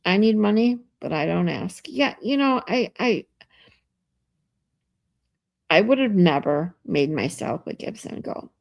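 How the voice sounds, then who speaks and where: A woman's voice: on the low side, animated, a little slow, gravelly, long pauses, no room sound. A woman live streamer chatting casually with her viewers, reading out and answering their comments and laughing often, from a hotel room.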